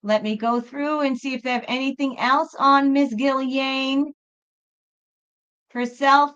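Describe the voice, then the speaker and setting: A woman talks casually to livestream viewers about her tarot readings, calling them folks and reassuring them. Her voice is high and bright. The lo-fi stream audio sounds a little dull. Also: steady tone, takes it slowly. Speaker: tarot reader and livestream host.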